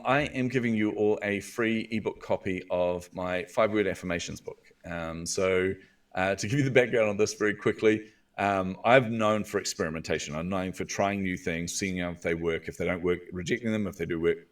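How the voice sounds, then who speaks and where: A man's voice: low-pitched, normal speed, far from the mic. A man with a New Zealand accent, a guest coach telling stories earnestly in a podcast interview. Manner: earnest, animated storyteller.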